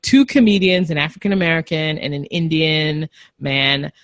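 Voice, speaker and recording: A woman's voice: low voice, moderate pace, no room sound. A young woman co-hosting a podcast in casual chat, rambling and laughing easily. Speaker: podcast co-host.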